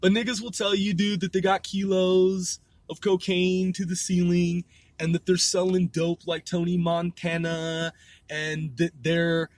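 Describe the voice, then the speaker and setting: A man's voice: sits high, little pitch movement, measured pace, no echo. A man hosting a solo podcast, rambling loosely with lots of swearing, fillers and repeated words. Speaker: podcast host.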